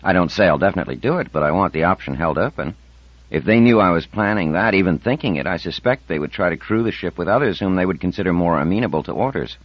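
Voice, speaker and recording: A man's voice: low-pitched, lively intonation, fast, no room sound. A man reading an audiobook, voicing a confident, persuasive woman scientist in her fifties. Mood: determined. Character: confident, determined woman scientist over fifty. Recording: dull dry audiobook recording.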